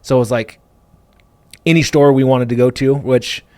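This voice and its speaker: A man's voice: mid-range voice, dry recording. Guy hosting a podcast, super casual storytelling, dry close mic, keeps saying like and you know. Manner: fast, animated, full of fillers like "like" and "you know". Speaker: podcast host and business owner.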